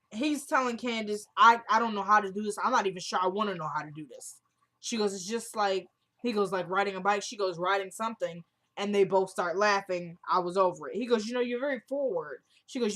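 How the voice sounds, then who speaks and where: A woman talks through an episode she just watched, walking her viewers through every exchange in a loose, chatty vlog style. She keeps stopping to add her own opinions. Her voice sits at an ordinary middle pitch for a woman. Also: a little fast. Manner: retells scenes with "he goes, she goes". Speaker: TV episode recapper. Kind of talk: casual recap vlog.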